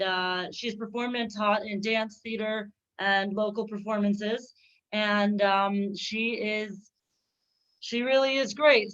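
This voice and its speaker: A woman's voice: medium pitch, fairly bright tone. A woman host introducing the next comedian, hesitant with many fillers. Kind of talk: stage introduction. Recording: dull lo-fi sound.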